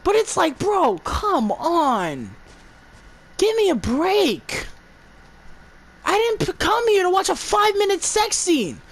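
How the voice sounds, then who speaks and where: A woman's voice: very high voice, very animated, measured pace. A woman giving an exasperated, profane movie review, stumbling and restarting her words as she rants.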